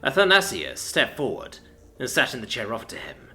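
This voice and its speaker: A man reading a story aloud in a dramatic, expressive narration. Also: medium pitch, fairly quick.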